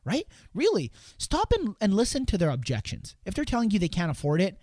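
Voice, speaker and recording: A man with a fairly high voice coaches door-to-door sellers in a loose, rambling way. He repeats words and restarts sentences. His voice sits close and dry on the mic. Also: huge pitch swings, a little fast, a little mellow, no echo. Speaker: sales coach hosting a show. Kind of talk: casual coaching talk.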